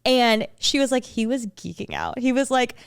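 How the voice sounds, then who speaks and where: A young woman co-hosting a casual podcast chat, telling a story with lots of excitement and acting out the voices of people she quotes. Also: fairly high pitch, normal speed, creaky, clean tone, no room sound, studio quality. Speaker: podcast co-host.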